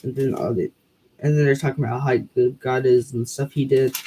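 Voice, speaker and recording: A man's voice: medium pitch, fairly even intonation, brisk, warm tone, slight background noise, low-quality recording. A man who is losing his voice reads scripture aloud, then sums it up in a rambling way full of fillers. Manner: rambling, filler-heavy summary. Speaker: Bible reading channel host. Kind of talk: scripture reading and casual recap.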